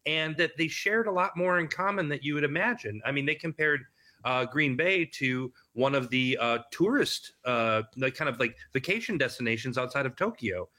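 A man from Wisconsin, a filmmaker guest on a video call, talking eagerly in a casual interview, halting and restarting often. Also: medium pitch, lively intonation, pushed and bright.

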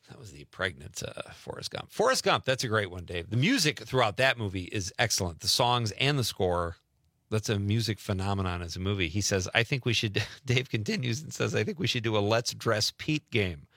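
A middle-aged man hosts a radio call-in show in a bright, forward voice, and his pitch jumps around a lot as he talks. He chats casually, laughs often and reads out listener messages. The sound is dry and close. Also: lively intonation, moderate pace, no room sound. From Wisconsin.

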